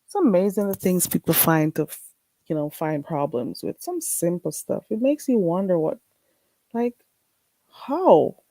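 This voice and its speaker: Hosting a livestream, a woman with a Caribbean accent talks with viewers in a fairly low, dark, animated voice at a measured pace. She's blunt and chatty, laughs frequently, and there's no echo.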